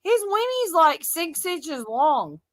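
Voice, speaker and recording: A woman hosting a casual stream, telling stories loudly and teasing, laughing often. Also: very high-pitched, very animated, slow, no echo. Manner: loud, laughing, teasing storyteller. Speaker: host. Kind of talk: casual live-stream chat.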